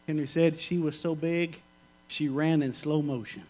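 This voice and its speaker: A middle-aged male preacher with a somewhat high voice. He delivers his sermon in a folksy, joking storytelling manner. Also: fairly even intonation, fairly quick, darkish tone, poor audio.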